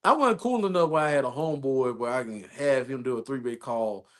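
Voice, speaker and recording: Relaxed man chatting on a podcast. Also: medium pitch, brisk. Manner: relaxed, laughing, slang-heavy. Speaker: podcast host. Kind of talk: casual chat.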